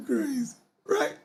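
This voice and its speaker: A man's voice: very high voice, vocal fry, darkish tone. A man with a Baltimore accent hosting a podcast in a casual commentary style, who keeps asking his listeners "right?". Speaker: podcast host.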